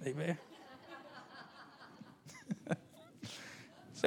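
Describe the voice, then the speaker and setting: A man preaching a sermon with passion, rising to loud peaks and dropping to hushed murmurs. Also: medium pitch, normal speed. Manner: impassioned, swinging from loud rises to hushed murmurs.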